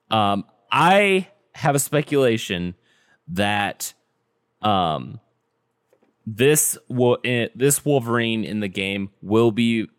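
A man hosting a casual chat, with a smooth, clean voice recorded close and dry. He talks in a relaxed way with frequent ums and restarts. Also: fairly low pitch, no echo. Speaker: podcast host. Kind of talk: casual gaming news chat.

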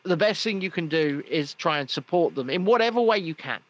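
A man's voice: fairly high pitch, lively intonation, brisk, fairly bright tone. A man in casual podcast chat, emphatic and swearing, repeating his key phrases and restarting sentences.

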